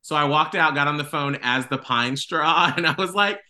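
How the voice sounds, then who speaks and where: Bright-voiced chatty man. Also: fairly high pitch, normal speed. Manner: animated, self-mocking storyteller. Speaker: radio host guest. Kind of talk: casual interview chat.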